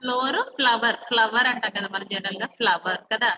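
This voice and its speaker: A woman's voice: fairly high pitch, racing, bright, forceful tone, a little hiss or hum, low-quality recording. A woman with a Telugu accent teaching an online English class, switching between English and Telugu and coaxing students by repeating words and spellings.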